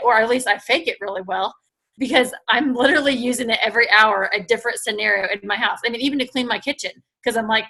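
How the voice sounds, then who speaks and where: A woman in her thirties or forties, chatting casually with viewers and telling stories in an animated way as she recaps a convention. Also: mid-range voice, quick pace. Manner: chatty, animated storytelling, addresses viewers as "you guys". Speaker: host recapping a sales convention.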